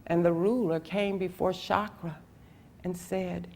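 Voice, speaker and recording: A woman storyteller telling a folk tale in a slow, dramatic way, with long pauses and rhythmic repetition. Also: on the low side, steady tone, a little mellow. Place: public library event.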